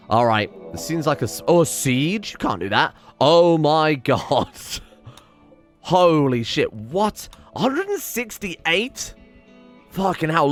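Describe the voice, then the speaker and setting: Guy doing a let's play, swears a lot, keeps reacting to the game, bit of faint music behind. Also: medium pitch. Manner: excitable, swears often, reacts aloud to the game. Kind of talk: casual gameplay commentary.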